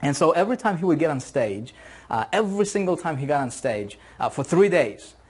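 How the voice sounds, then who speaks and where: An upbeat man leads a motivational video lesson on online marketing. His voice is a little husky and sits fairly high for a man. He talks with energy and hammers points home by repeating them. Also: a little fast. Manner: energetic, enthusiastic, repeats phrases for emphasis. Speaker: online marketing course instructor.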